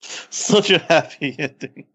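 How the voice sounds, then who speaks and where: A man co-hosting a comedy podcast with dry, deadpan replies. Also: a little high, slow pace, breathy edge, dry recording. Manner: dry, deadpan, impatient to leave. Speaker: podcast co-host. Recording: dull lo-fi podcast audio.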